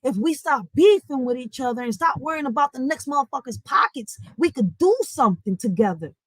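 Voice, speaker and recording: A woman's voice: high-pitched, expressive, fairly quick, no echo, rough recording. A woman, hosting a livestream from home in an impassioned, preachy rant, swearing freely. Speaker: livestream host.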